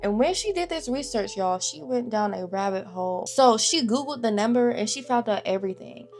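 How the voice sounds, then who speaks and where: A woman's voice: on the high side, animated, fairly quick, darkish tone, soft background music. A woman, chatting casually to viewers as she retells a story. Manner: chatty, addresses viewers as y'all and girl. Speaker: storytime creator.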